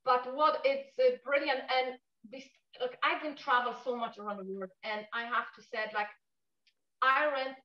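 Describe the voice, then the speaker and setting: A woman from Poland with a Polish accent, a native Polish speaker, talking quickly and animatedly in casual conversation as a guest. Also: high voice, roomy sound, muffled recording. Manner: fast-talking, animated, non-native grammar.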